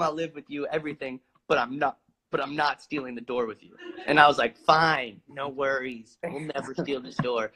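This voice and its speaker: A man casually telling a long, animated story, swearing freely and acting out the lines he quotes. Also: medium pitch, slightly rough, low-quality recording.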